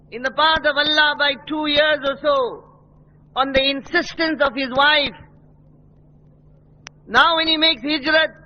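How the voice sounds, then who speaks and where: A man's voice: very high voice, a little hiss or hum. A man preaching a sermon, telling stories with passion and acting out the people he quotes. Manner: impassioned storytelling, voices quoted speakers. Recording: dull lo-fi recording.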